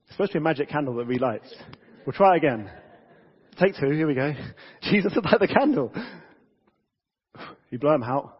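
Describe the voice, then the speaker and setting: A man preaching a casual, lively sermon to a church congregation, talking conversationally with frequent restarts. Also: on the high side, brisk, pauses often, husky. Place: church hall. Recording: dull reverberant church audio.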